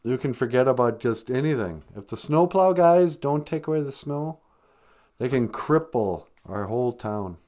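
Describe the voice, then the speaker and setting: A man chats loosely on a live-stream podcast, his pitch swinging up and down as he jokes. He rambles from one aside to the next and drops in native words as he explains them. His talk stays easygoing and unscripted. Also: animated, moderate pace, a little mellow. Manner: joking, rambling, teaches native words offhand. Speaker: podcast host. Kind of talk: casual live-stream chat.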